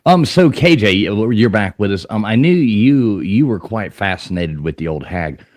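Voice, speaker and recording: A man with a deep voice that swings widely in pitch, hosting a casual live stream. He rambles through his stories with plenty of "you know"s and false starts. The sound is close and dry. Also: animated, moderate pace, darkish tone, dry recording. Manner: rambling storytelling, many fillers and restarts. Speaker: host of a live paranormal talk stream. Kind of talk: casual chat.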